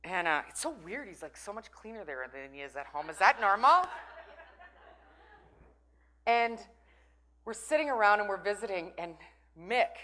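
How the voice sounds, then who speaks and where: A middle-aged woman gives a motivational talk to a live audience. Her voice is bright and forward, sitting in an ordinary middle register. She is chatty and playful and keeps teasing her listeners. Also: medium pitch, animated, normal speed, pauses often. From Minnesota. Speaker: conference breakout speaker.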